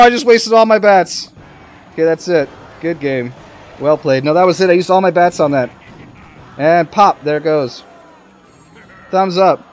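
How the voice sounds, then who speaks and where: Excitable high-voiced man commentating a game. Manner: excitable, talks to the game and viewers. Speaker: gaming commentator. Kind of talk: live gameplay commentary.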